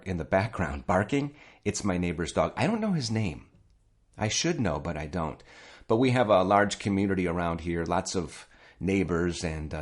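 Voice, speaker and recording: Low-voiced man teaching English. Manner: chatty, repeats words slowly for learners; addresses listeners directly. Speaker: English teacher, podcast host. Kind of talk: relaxed spoken English lesson.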